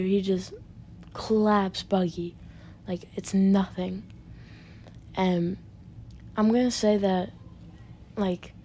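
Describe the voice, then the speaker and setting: A woman's voice: mid-range voice, mellow, slight background noise. A woman retelling a fan story off the cuff, rambling and casual, with occasional swearing. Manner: rambling, many fillers and restarts, occasional swearing.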